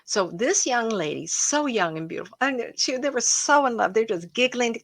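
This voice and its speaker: A woman runs a live stream as a psychic from home, where a cat is jumping around, telling stories to her audience in a chatty, emotional way and addressing viewers directly. Her medium-pitched voice is expressive, at a normal speed with few pauses, in a dry recording.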